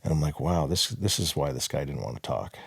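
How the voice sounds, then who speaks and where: A man's voice: extremely low pitch, animated, brisk, creaky, slightly rough, no room sound, studio quality. A young man from Southern California, a podcast guest telling his story in a blunt, profane, casual way and acting out the dialogue.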